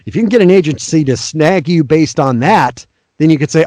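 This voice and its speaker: A man's voice: a little high, lively intonation, fairly quick, darkish tone, no echo. A middle-aged male voice actor, a guest in an interview, giving earnest, frank and encouraging career advice.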